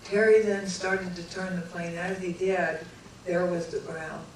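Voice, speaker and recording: A woman's voice: fairly low pitch, a little slow, slight background noise. Woman telling a story in an echoey hall. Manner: animated, acts out dialogue with lively voices. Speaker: speaker recounting a near-death experience. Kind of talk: dramatic storytelling talk. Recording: echoey hall recorded from far off, faint ambience.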